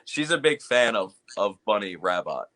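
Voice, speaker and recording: Bright-voiced playful man. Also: lowish voice, sing-song, moderate pace. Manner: playful, laughs often. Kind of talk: casual interview chat.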